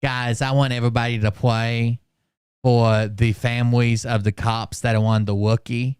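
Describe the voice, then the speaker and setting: A man's voice: medium pitch, level tone, moderate pace, darkish tone, clear, resonant tone, no echo, studio quality. A man live-streaming casual commentary on videos, telling crude, rambling anecdotes full of profanity.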